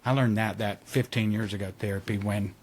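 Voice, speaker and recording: Animated man telling a personal story. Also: fairly low pitch, brisk, slight background noise. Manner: animated storyteller, acts out quotes, laughs often. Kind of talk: casual chat.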